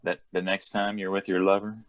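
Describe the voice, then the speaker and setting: A man's voice: low voice, level tone, brisk, no echo. A man co-hosting a podcast, playful and goofing around in casual chat. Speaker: podcast co-host.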